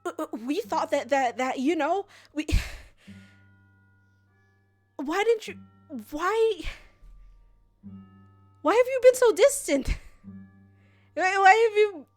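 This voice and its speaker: A woman voicing a frantic, worried man who explodes in anger, shouting and swearing. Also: very high voice, expressive, slow pace, pauses often, soft background music, pitched above the performer's own voice, heavily acted. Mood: furious shouting.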